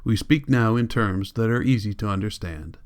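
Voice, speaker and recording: A man's voice: lowish voice, moderate pace, lightly acted. A man reading an audiobook, voicing a cold, commanding political leader who lectures in an icy, insistent way. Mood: lecturing.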